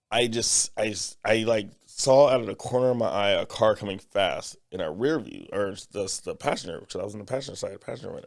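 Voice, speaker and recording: A man tells a story on a podcast, slipping into quoted voices along the way. His voice is gravelly, with a rough fry at the bottom of his words. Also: on the low side. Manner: animated storyteller, acts out quotes. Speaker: podcast co-host. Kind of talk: casual chat.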